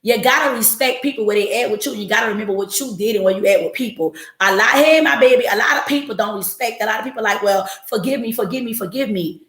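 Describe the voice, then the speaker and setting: A woman's voice: on the high side, fast, few pauses. Blunt, profane woman in an echoey room. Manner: blunt, profane and animated, jumping into quoted voices. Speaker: podcast host. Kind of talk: casual monologue to a live audience.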